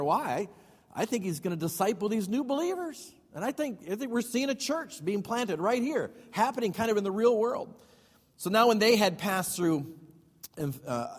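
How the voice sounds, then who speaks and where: A male pastor teaching a Bible study sermon. He reads scripture aloud and then explains it in casual asides with questions to the congregation. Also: fairly high pitch. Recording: long hall reverb.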